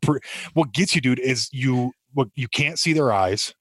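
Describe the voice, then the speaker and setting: With a mid-range voice that runs a little slow and has no room sound, this young podcast co-host chats casually. He's an animated storyteller who laughs often and swears heavily.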